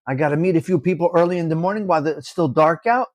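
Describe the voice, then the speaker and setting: A man chats live with his viewers, greeting them by name and teasing the ones who argue with him. His voice sits high for a man. The sound is dry and close, with no room around it. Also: fast talker, no echo. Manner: animated, teasing, reads out viewer names and comments. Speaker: livestream host. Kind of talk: casual live chat with viewers.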